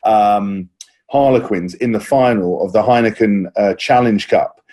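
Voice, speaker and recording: A man's voice: fairly low pitch, unhurried, dark tone. A man, a former rugby player, telling a long story in a casual podcast chat, rambling with restarts and acting out quotes. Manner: rambling anecdotes with many restarts and mimicked quotes.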